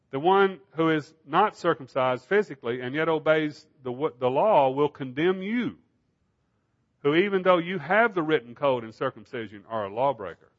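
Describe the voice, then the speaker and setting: A man's voice: a little high, expressive, normal speed, dull audio. A man preaching a Bible study sermon in an emphatic style, asking rhetorical questions.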